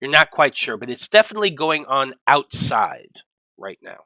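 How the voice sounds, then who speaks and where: A man narrating as game master of a tabletop role-playing game, halting often with ums and restarts. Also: mid-range voice, very animated, pushed and bright, no room sound, rough recording.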